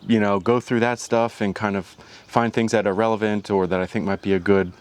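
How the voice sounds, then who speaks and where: A man's voice: fairly low pitch, little pitch movement, brisk, clean tone. A man hosting his own vlog, talking casually in a rambling, reflective way and often restarting his sentences. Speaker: channel host.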